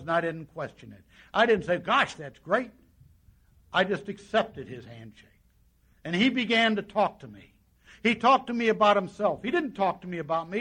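Addressing a meeting crowd, a man shares personal testimony about his recovery in a high-pitched voice that's bright and forceful. He keeps the tone homespun and chatty, voicing the other characters' lines as he goes.

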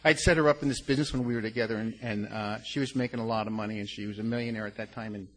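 At a recovery meeting, an older man with a low, gravelly voice speaks very fast in a steady tone. His personal testimony to the group is frank and rambling, full of restarts, earnest and laced with blunt curses.

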